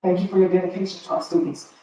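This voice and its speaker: A woman's voice: on the low side, rapid-fire, mellow, slight background noise. An emotional woman speaks as a school board trustee, direct and openly frustrated. Her voice carries from a distance through a big, echoey meeting room. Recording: echoey hall from far off.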